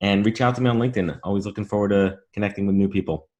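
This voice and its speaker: Brash fast-talking New man. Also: on the low side, a little mellow. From New York. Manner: brash, swearing, storytelling. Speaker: podcast guest, career podcaster. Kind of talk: casual interview chat.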